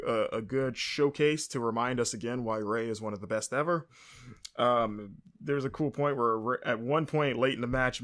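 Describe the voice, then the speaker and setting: A man's voice: medium pitch, fairly bright tone. A man hosting a podcast, casually recapping a show on his own, rambling with lots of fillers and mid-sentence corrections. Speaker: podcast host.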